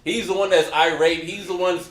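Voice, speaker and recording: Leading a Bible study, this man talks briskly in a high, steady, fairly bright voice, explaining a passage in a relaxed, chatty way. He calls on people to read and frequently starts his sentences over. The room adds a noticeable echo.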